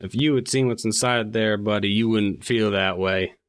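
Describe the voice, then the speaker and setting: A man playing a bored guard on a train, lower-voiced than most men, keeps his words tight and guarded. He speaks in a tabletop role-play, in an everyday voice with little put on. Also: steady tone, normal speed, natural voice. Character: bored armed male train guard, cagey.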